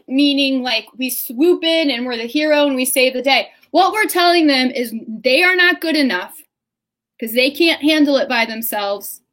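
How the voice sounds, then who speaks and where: A woman's voice: high-pitched, a bit bright. A woman co-hosting a podcast in casual chat, talking in an earnest, emphatic way. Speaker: podcast co-host.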